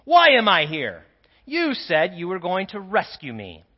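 A man's voice: fairly high pitch, big pitch swings, normal speed, big-room sound, lo-fi sound. A priest voicing a stubborn stranded man. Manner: stubborn and insistent.

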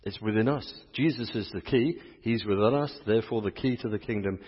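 A man's voice: on the low side, a little fast, breathy edge. A man with an English accent, a priest preaching a sermon in an exuberant, chatty way and calling out to his congregation. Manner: exuberant, chatty preaching with audience call-and-response. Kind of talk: sermon at a healing service. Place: church. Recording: echoey church hall, dull sound.

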